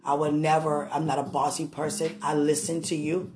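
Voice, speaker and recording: A woman's voice: low-pitched, level tone, moderate pace, over music. A woman talking straight to someone she loves in a rambling, affectionate monologue, often checking with "you understand?". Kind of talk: emotional monologue to a loved one. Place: sitting on a bed indoors.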